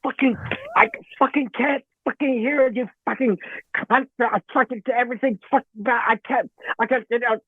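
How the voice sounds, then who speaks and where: A foul-mouthed, sputtering rock singer, put on by a man grumbles in a pitched-up voice that cracks into oaths. The sound is thin and tinny, like a phone line, with no room around it. He stays cranky and aggrieved throughout. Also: steady tone, moderate pace, breathy edge, dry recording. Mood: frustrated. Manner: swearing constantly, sputtering.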